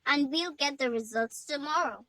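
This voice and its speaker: A woman's voice: high-pitched, normal speed, fairly bright tone, dry recording, low-quality recording. A woman voicing a hopeful, determined young village girl in a storybook reading, speaking eagerly.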